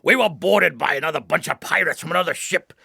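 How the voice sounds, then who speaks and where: A man voicing a gruff old male pirate while telling a joke. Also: fairly high pitch, fast talker, pushed and bright, dry recording, studio quality, exaggerated voice.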